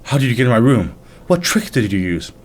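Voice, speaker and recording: Man reading aloud as a haughty prince, sneering, fast, animated. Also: medium pitch. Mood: arrogant. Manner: sneering, contemptuous. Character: arrogant haughty male first prince.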